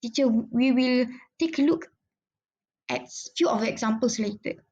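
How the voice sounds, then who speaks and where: A woman's voice: on the high side, moderate pace, darkish tone, muffled recording. A young woman giving a mock online grammar lesson, patiently explaining step by step to an imagined class. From Malaysia. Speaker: trainee English teacher.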